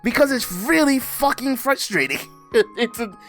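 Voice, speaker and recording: A young man recapping a comic in a casual, animated, slangy way, often laughing as he rants. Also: extremely high pitch, measured pace, soft background music. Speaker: comic reviewer.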